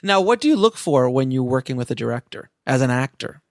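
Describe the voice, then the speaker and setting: A man hosting a casual interview, chatty and quick to laugh, with jokey asides. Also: medium pitch, very animated, no room sound, clean studio sound. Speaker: podcast host.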